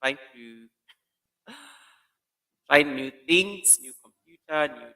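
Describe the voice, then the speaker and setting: A man's voice: a little high, expressive, slow pace, sharp tone. A man hosting a casual live stream, animatedly greeting viewers by name while testing a new computer mic in an echoey room.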